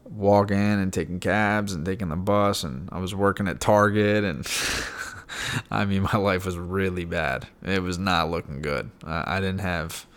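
A young man with a low-pitched voice recounts his own past in a loose, candid podcast style. He talks frankly, leans on fillers and now and then swears casually. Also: steady tone, a little slow, fairly bright tone, clear, resonant tone. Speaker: podcast guest sharing his recovery story. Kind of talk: candid personal storytelling.

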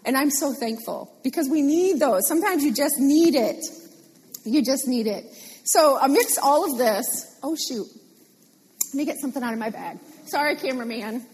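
A woman preaching a sermon in a lively, animated way, repeating phrases for emphasis. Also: sits high, normal speed, slight background noise. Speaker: pastor. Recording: long hall reverb.

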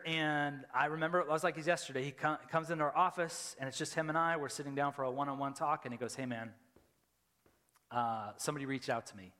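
A middle-aged man, a lead pastor preaching a sermon, telling a personal story and loudly acting out his own reactions. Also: medium pitch. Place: church sanctuary. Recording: church hall with long reverb.

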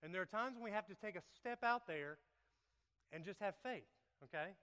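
A man's voice: high-pitched, expressive, fairly quick, a bit bright. A man preaching to his congregation, playful and laughing as he works a live demonstration into the sermon. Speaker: pastor. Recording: echoey hall reverb.

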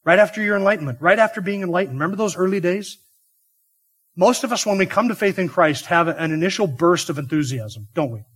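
Pastor, male, fairly high voice, earnest expository preaching with rhetorical questions. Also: expressive, fairly quick, fairly bright tone, husky. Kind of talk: expository sermon.

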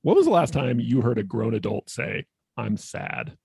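A man's voice: medium pitch, huge pitch swings, fairly quick, creaky, mellow, slightly rough, no echo, clean studio sound. A man co-hosting a podcast as a therapist, explaining ideas in a thoughtful, casual way with many fillers. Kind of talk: casual conversation.

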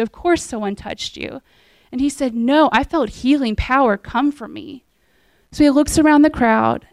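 A woman delivering a sermon, telling a scripture story in an earnest, conversational way. Her voice sits a little high with a gravelly edge, and the sound is close and dry. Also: darkish tone, no room sound. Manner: earnest storytelling, retelling scripture in plain words. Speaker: preacher.

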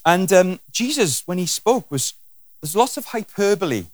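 A man's voice: high voice, normal speed, no echo. A man preaching a sermon with humour, acting out scenes and voices as he goes. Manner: animated and humorous, acting out scenes.

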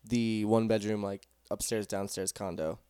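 A man's voice: fairly low pitch, steady tone, moderate pace, mellow, clear, resonant tone, no echo, studio quality. A man with an American accent hosting a casual podcast chat, playful and laughing often. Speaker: podcast host.

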